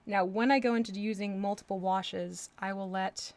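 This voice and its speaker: A chatty woman talking through her painting on a live stream. She laughs often and drifts into playful voices, with an ordinary mid-range pitch. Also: steady tone, moderate pace, a little mellow. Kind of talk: casual live-stream chat while painting.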